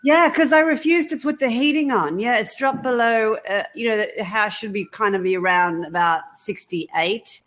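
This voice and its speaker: A woman's voice: fairly high pitch, moderate pace, hardly any pauses, fairly bright tone. Chatty Australian woman on a video call. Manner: chatty, laughs often, slangy. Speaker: guest on a group video chat. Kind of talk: casual chat.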